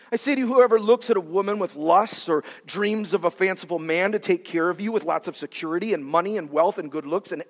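A man preaches a sermon in a church sanctuary, animated and dramatic, slipping into voices as he acts out quotes. His voice sits high for a man, and every phrase trails off in the long reverb of a large hall.

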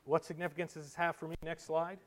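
A man with a notably high voice delivering a sermon. He rises to loud, emphatic passages, then drops to quiet, almost whispered asides to the congregation. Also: little pitch movement, fast. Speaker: pastor.

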